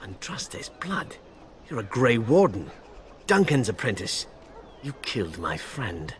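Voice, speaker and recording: A stern, proud game knight. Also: male voice, fairly low pitch, big pitch swings, measured pace. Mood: accusing. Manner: formal, stiff, honor-bound. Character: proud, stern male knight seeking a duel. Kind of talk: video game dialogue.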